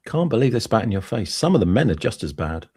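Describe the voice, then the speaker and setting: A man with a husky voice drops quick side remarks into a casual chat, talking fast. His pitch is lively, and the sound is dry and close. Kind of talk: casual livestream banter.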